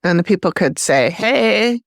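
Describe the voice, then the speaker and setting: A woman's voice: mid-range voice, very animated, moderate pace, no room sound, clean studio sound. A woman co-hosting a casual podcast, chatty and agreeable, also reading the show's outro. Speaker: podcast co-host. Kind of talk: casual chat and scripted outro.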